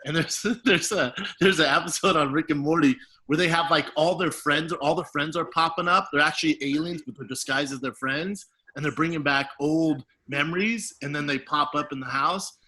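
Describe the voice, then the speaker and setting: Man, bright ringing voice, slightly high, casual podcast chat, acts out quotes. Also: moderate pace, hardly any pauses. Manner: animated storyteller, acts out quotes. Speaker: podcast co-host; father.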